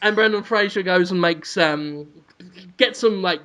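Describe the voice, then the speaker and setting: Man, podcast co-host, high voice, bright tone, rambling comic storytelling. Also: unhurried, clear, resonant tone. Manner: rambling, giggly, off-the-cuff.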